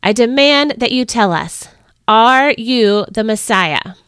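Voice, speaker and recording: A woman voicing an angry older high priest who shouts his accusations in a storybook reading. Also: expressive, slow, smooth, no echo, clean studio sound. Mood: outraged. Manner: shouting, indignant.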